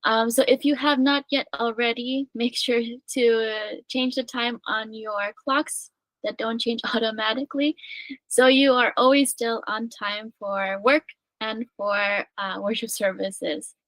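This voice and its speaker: A woman with a fairly high voice hosts a live radio program. She talks casually and fills pauses with ums and uhs, recorded dry with little room sound. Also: no echo, low-quality recording. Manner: relaxed, many ums and uhs. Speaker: radio show host. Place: radio studio.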